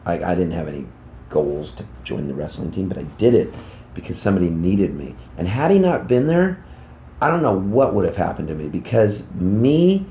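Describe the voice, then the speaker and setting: A man in his fifties, a musician, telling rambling, animated anecdotes in a casual interview backstage at a music club. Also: sits low, moderate pace, reverberant, a little hiss or hum. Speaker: musician guest.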